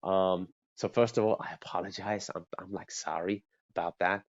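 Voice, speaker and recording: A man's voice: deep voice, fairly even intonation, moderate pace, pitched below the performer's own voice. A man doing an apologetic American cold caller. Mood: sheepish. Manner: self-deprecating, apologetic, rambling. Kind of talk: role-play sales call. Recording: dull lo-fi sound.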